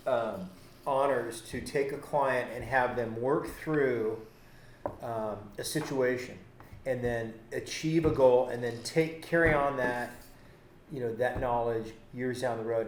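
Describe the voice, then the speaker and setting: A man's voice: mid-range voice, a little hiss or hum. A man who works as a fishing guide and boat captain, telling stories on a podcast and acting out both sides of each conversation. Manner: animated, acts out both sides of his stories. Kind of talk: casual podcast storytelling. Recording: roomy podcast recording.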